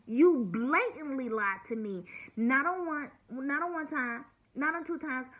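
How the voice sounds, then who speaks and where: Woman in her 40s venting on her vlog, bright higher voice, swears a lot, sounds hurt, close to tears. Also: poor audio. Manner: blunt, venting, heavy swearing. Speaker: vlogger. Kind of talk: emotional personal vlog monologue.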